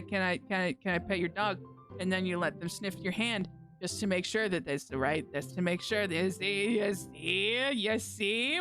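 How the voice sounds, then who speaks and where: A woman's voice: medium pitch, a bit bright. A woman streamer, goofy and self-mocking, reading a dating game aloud and joking through it.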